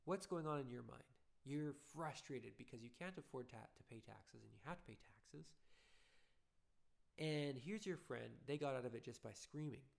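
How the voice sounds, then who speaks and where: A father talks earnestly and loosely about raising kids and often reaches for everyday comparisons. His voice has a gravelly edge and sits at a middling pitch for a man. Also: animated, normal speed. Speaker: father giving parenting advice. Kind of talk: casual spoken talk.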